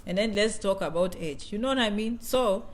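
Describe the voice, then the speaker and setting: A woman's voice: medium pitch, moderate pace. A woman in her thirties from Kenya, hosting a casual live-stream chat with viewers, talkative and playful, often repeating phrases.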